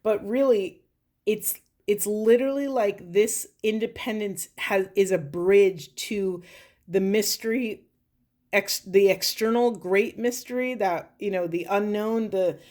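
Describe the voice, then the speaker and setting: A woman's voice: mid-range voice, takes it slowly, a little mellow. A young adult woman giving a spiritual card reading, earnest and emotional, addressing spirit as she talks. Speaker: tarot reader.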